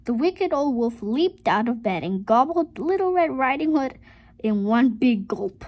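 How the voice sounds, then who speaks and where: A woman reading a picture book aloud to her viewers, with expressive storytelling and chatty asides. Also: fairly high pitch, unhurried. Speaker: storybook reader.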